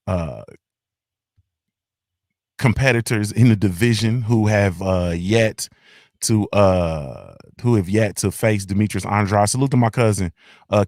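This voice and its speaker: A man hosting a casual talk show in a loose, laid-back manner. His voice sits fairly low, and he drops in fillers and repeated tags as he goes. The sound is dry and close, with little room echo. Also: a little mellow. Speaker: host.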